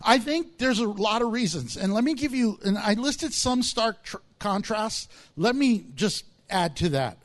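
A man's voice: high voice, animated, measured pace, few pauses, a bit bright. A man preaching a sermon, explaining words from the text and acting out the voices of people in the story. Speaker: pastor.

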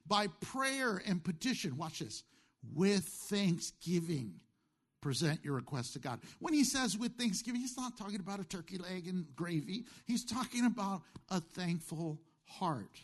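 A male pastor delivers a sermon in a fairly high, very expressive voice that swings up and down. He asks the congregation questions, answers them himself, and slips in playful asides. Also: normal speed, hardly any pauses. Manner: jokey asides.

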